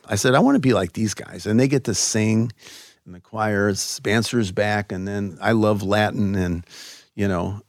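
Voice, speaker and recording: A man from Chicago, a guest in an interview, telling stories in a loose, animated way with many fillers. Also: lowish voice, no room sound, studio quality. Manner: animated, lots of "you know" fillers. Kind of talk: conversational interview storytelling.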